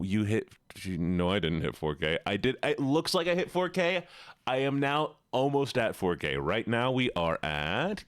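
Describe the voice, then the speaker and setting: A man's voice: sits low, no room sound, studio quality. A man streaming live, chatting casually with viewers in a rambling, self-correcting way.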